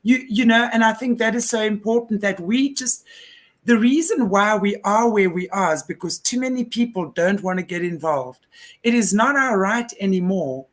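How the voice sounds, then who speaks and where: A woman's voice: mid-range voice, moderate pace. Earnest woman host. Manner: earnest, animated storytelling. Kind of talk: live-stream conversation.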